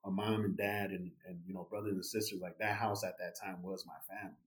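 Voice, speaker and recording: Man, fairly low voice, casual storytelling, lots of fillers, podcast guest. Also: fast talker. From United States. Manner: animated, many fillers like "you know" and "right".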